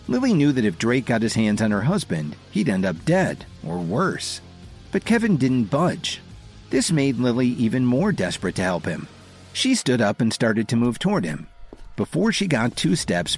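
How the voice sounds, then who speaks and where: A man giving scripted narration of a dramatic story with a steady storytelling delivery and a husky voice. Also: mid-range voice, normal speed, soft background music.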